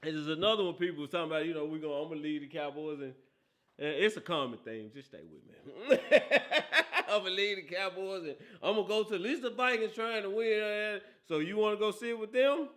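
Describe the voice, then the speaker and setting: Animated, teasing man with a bright voice. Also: high voice, fast talker. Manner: animated, teasing, laughs often, keeps asking "right?". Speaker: host. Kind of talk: casual football talk show.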